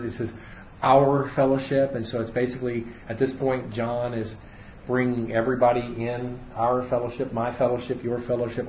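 Man teaching a Bible study in an echoey room. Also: mid-range voice. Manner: explanatory, thinks aloud with fillers and restarts. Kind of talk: casual Bible study lesson. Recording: echoey room, dull sound, faint hiss.

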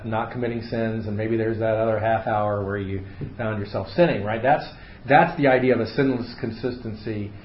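A man's voice: lowish voice, a little hiss or hum. Man teaching a Bible study, roomy. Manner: relaxed, unscripted explaining with many fillers and restarts. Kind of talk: casual Bible study lesson. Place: small room with a group. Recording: roomy, slightly dull room recording.

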